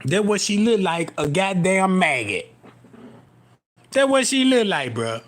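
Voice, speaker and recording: A man's voice: high voice, big pitch swings, a little slow, a bit bright. A young man telling a crude, rambling comic story, laughing at his own jokes and constantly checking whether the listener follows him. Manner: profane, rambling, keeps asking "you know what I'm talking about".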